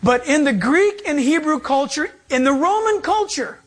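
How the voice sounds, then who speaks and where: A man with a very high voice preaches a sermon as a pastor at a moderate pace. He's animated, acting out the voices of the people he quotes.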